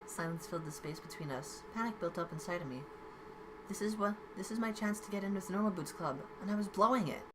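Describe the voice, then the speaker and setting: A woman's voice: medium pitch, fast talker, background noise. A woman hosting a let's play, reading a visual novel aloud with playful commentary and small stumbles. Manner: playful, reads with occasional stumbles.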